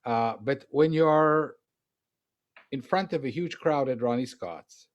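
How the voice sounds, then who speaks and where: A man's voice: mid-range voice, takes it slowly, dull audio. A man hosting a casual interview, asking eager questions and often restarting his sentences. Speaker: interview host.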